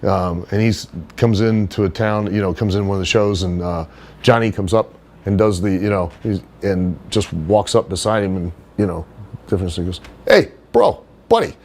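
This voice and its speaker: A middle-aged man, a wrestler, chatting as a podcast guest, blunt and profane, telling animated stories. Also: deep voice, moderate pace. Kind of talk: casual chat, storytelling.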